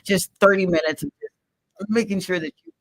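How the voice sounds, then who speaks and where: A middle-aged woman from Mississippi telling her personal story as a guest, impassioned, swinging from loud emphatic bursts to hushed whispers. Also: mid-range voice, normal speed, no echo, rough recording. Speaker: guest, radio show host. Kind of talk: emotional personal testimony.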